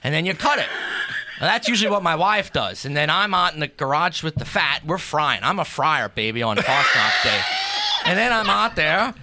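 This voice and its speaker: A man's voice: fairly high pitch, expressive, normal speed, noisy background, voice pushed down. A man voicing a brash, folksy Pennsylvania Dutch home cook with a thick Pennsylvania Dutch accent, talking a blunt comedic bit on a talk show. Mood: boastful. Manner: boastful, folksy, blunt put-downs. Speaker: guest.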